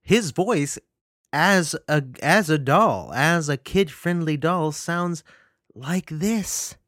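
A man rants about a film in an indignant, emphatic voice, repeating his points for effect. His voice is slightly high and sounds dry and close to the mic. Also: animated, takes it slowly, a bit bright, no room sound. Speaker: film reviewer. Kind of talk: opinionated movie commentary.

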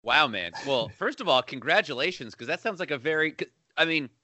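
Guy with a bright tense voice, bouncy pitch, dry close sound, easygoing chat. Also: expressive, brisk, no echo. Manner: easygoing, says "like" and "man" a lot. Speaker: podcast co-host. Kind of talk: casual chat.

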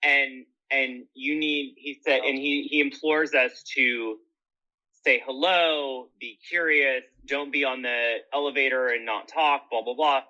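Bright, animated man telling stories. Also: medium pitch, a little slow, highs cut off. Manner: animated, laughs often, theatrical asides. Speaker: podcast guest. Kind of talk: casual chat, storytelling.

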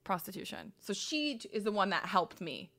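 A woman comedian co-hosting a chat show, telling a story in a lively way and acting out what people said. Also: medium pitch, normal speed. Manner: animated, laughing storyteller acting out quotes. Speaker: comedian and podcast co-host.

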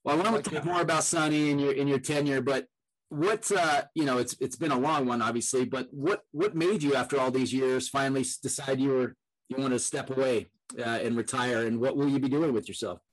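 Soft-spoken male host asking a question. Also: medium pitch, a little fast, rough recording. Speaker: radio show host. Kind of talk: interviewing.

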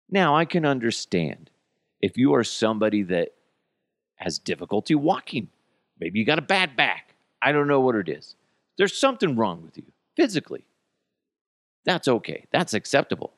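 A man's voice: mid-range voice, no room sound. A middle-aged American man hosting a casual solo podcast, joking and ranting with plenty of profanity. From United States. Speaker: podcast host.

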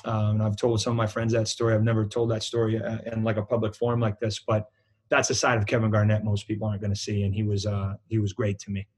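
A man's voice: fairly low pitch, monotone, fast, slightly rough. A man with a New England accent, a basketball program director, telling a long anecdote in a casual interview with many fillers and restarts.

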